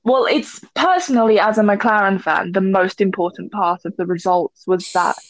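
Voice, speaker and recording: A woman's voice: medium pitch, moderate pace. A woman co-hosting a casual podcast chat, talking freely and laughing often. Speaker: podcast co-host.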